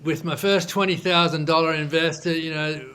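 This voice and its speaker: Guy with a higher-pitched voice chatting through an old business story, loose and rambly. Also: normal speed, a little hiss or hum. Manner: animated storyteller who acts out quoted dialogue; loose, restarting speech with many fillers. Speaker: entrepreneur guest. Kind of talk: casual storytelling interview.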